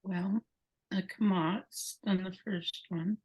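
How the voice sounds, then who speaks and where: A woman's voice: mid-range voice, fairly even intonation, slow, darkish tone, husky, low-quality recording. A woman student in a language lesson, thinking aloud hesitantly and asking questions. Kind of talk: tutoring session.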